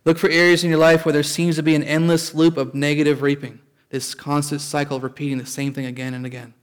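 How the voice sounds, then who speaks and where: A man's voice: fairly high pitch, flat delivery, fast talker, clear, resonant tone. A man preaching a sermon as pastor, in a conversational way, often restarting and calling out for an amen.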